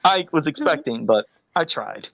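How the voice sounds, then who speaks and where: Man, podcast co-host, swears freely, lively pitch, dry close sound. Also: moderate pace, creaky, no room sound. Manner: animated, swears a lot. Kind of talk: casual chat. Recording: slightly muffled audio.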